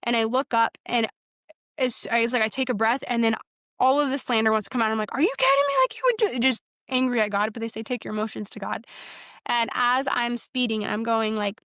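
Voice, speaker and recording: A woman's voice: a little high, level tone, fairly quick, a bit bright, no echo, studio quality. A young woman sharing her personal faith testimony as a podcast guest, earnest and rambling, with many fillers and restarts. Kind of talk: personal testimony in a casual interview.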